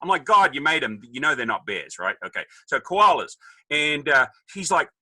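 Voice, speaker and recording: A man's voice: fairly high pitch, sing-song, moderate pace, bright, forceful tone, no echo, low-quality recording. A man in his fifties with an Australian accent, telling a joking story as a podcast guest and acting out the people in it. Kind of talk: casual storytelling.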